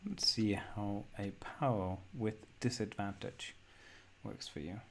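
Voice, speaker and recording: A man narrating a horror tabletop game as game master, in a measured, descriptive way. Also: on the low side, fairly even intonation, creaky, a little hiss or hum.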